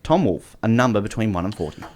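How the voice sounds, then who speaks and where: Australian male podcast host, fast and lively, jokey and animated. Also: lowish voice. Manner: quick, animated, joking. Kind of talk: casual chat.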